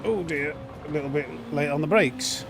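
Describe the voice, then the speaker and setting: A man's voice: a little high, normal speed, background noise. Chatty man streaming. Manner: chatty, reads chat aloud, frequent restarts and fillers. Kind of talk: casual live-stream chat.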